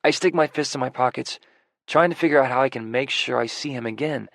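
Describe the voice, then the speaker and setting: A male audiobook narrator reading a first-person romance in a soft, introspective, self-deprecating way. His voice sits at a middle pitch with a gravelly fry. The recording is close and dry, with no room sound. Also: fairly quick, dry recording.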